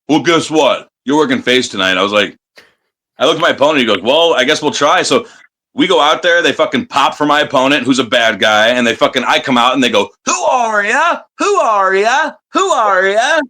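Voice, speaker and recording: Wrestler guest, male, from the States, bright, forceful voice, swears freely and acts out the crowd. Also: mid-range voice, a little fast. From United States. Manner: profane, animated storyteller who acts out crowd chants. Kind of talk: casual interview storytelling.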